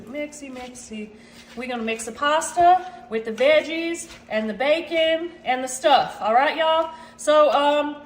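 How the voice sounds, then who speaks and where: A woman with a high, fairly bright voice hosts a cooking channel, chatting casually with viewers and calling them y'all as she cooks at home. There's a little hiss or hum, and the kitchen echoes with clattering dishes.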